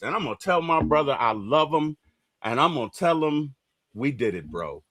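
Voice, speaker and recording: A man's voice: fairly high pitch, normal speed, no echo, studio quality. A man hosting a casual sports fan livestream, talking with rising emotion about his team. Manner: emotional, voice swelling when excited. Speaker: podcast host.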